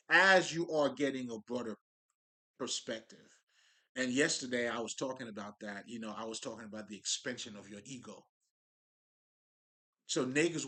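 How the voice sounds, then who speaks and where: Bright-voiced man rambling about spirit. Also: mid-range voice. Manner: loose, profane street talk, restarts and laughs. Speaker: spiritual speaker. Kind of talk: casual spiritual monologue.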